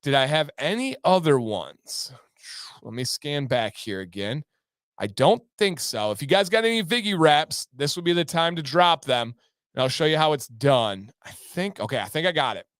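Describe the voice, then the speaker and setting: A man hosts a casual livestream, reading chat comments aloud in an upbeat, playful way and breaking into playful raps. His voice is a little high and fairly bright, with big pitch swings and a moderate pace, recorded at studio quality with no room sound.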